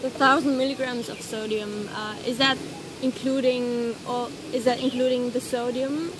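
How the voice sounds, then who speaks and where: A woman's voice: on the high side, little pitch movement, normal speed. A woman in an audience asking tentative, hesitant questions at an outdoor gathering. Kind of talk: casual questions. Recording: noisy outdoor ambience with traffic.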